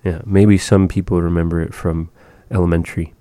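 A man's voice: low voice, level tone, a little fast, warm tone, no room sound. A man casually teaching phrases of a language, explaining patiently with many fillers and repeating each phrase. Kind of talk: casual language lesson chat.

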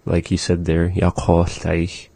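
Language teacher, male, deep and slow, husky dark tone, patient drill delivery. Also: monotone, no room sound. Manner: slow, explanatory, models pronunciation for learners to repeat. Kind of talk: language lesson with repetition drills.

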